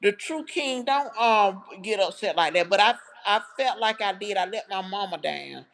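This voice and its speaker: A woman's voice: medium pitch, animated, normal speed, a bit bright. A woman hosting a livestream, telling a personal story to her viewers in a heartfelt, chatty way. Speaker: livestream host. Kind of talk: casual livestream storytelling to chat.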